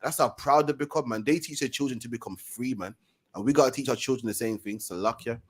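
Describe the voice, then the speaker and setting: A man hosting a casual commentary show, talking in a forceful, preachy way and often ending phrases with "man". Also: medium pitch, husky. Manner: fast, forceful, preachy, keeps saying "man". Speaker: host.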